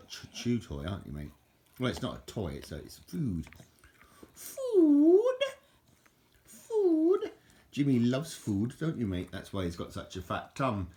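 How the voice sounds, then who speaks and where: A man talks casually through a show-and-tell vlog in a deep, low voice. He rambles and often restarts his sentences. He trips over unfamiliar foreign words as he goes. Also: darkish tone. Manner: rambling and chatty, stumbles over foreign words, frequent self-corrections. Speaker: vlogger showing his bottle collection.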